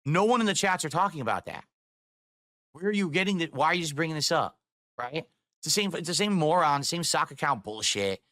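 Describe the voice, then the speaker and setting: Bright, fired-up man ranting on stream. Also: on the high side, lively intonation, fairly quick, no echo, studio quality. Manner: heated, profane, rhetorical questions. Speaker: live streamer. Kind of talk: ranting to a live chat.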